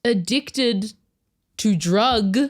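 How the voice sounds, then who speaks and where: A woman in casual podcast chat, quick and jokey, with sudden high squeals when something excites her. Her voice sits at an ordinary middle pitch. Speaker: podcast co-host.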